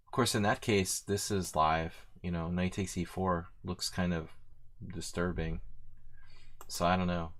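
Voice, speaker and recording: Low-voiced man thinking aloud over chess. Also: fairly bright tone. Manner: thinking aloud, unsure and self-mocking, many fillers. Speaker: chess streamer playing blitz. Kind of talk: casual live commentary while playing.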